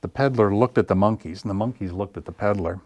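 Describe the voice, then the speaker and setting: A children's librarian reading picture books aloud at story time, slow and expressive. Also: male voice, lowish voice. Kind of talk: picture-book read-aloud.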